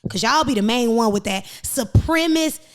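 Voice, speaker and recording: An American woman hosting a podcast, talking in an animated, emphatic, preachy casual chat. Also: on the high side, moderate pace. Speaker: podcast host.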